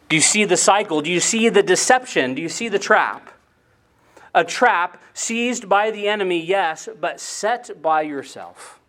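Male preacher with a fairly high voice, earnest and heavy on rhetorical questions. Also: fairly bright tone. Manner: earnest, repeats words, many rhetorical questions. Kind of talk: sermon.

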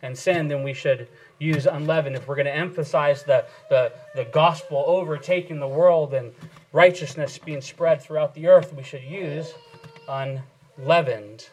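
A male pastor giving an earnest sermon lesson, pausing and restarting as he explains, then leading a prayer. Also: a little high, darkish tone, low-quality recording. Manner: earnest teaching with frequent fillers and restarts. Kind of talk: sermon teaching and closing prayer.

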